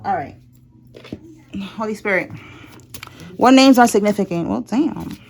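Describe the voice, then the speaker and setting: A woman's voice: mid-range voice, a little slow, creaky, a little mellow, a little hiss or hum. A woman giving a casual tarot reading, blunt and chatty, with cursing and laughter. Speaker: tarot reader.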